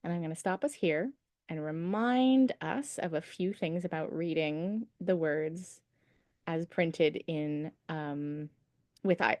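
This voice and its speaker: Singing teacher, woman, slow and patient, mellow tone, dry video-call sound. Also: fairly low pitch, dry recording. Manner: patient, encouraging, explains slowly. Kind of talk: online singing lesson. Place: home setup on a video call.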